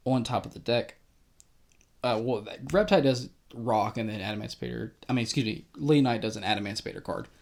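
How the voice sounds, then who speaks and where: A man's voice: medium pitch, darkish tone. Chatty man walking through a card deck. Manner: rambling, self-correcting, chuckles between points. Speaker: card game deck reviewer. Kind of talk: casual deck walkthrough.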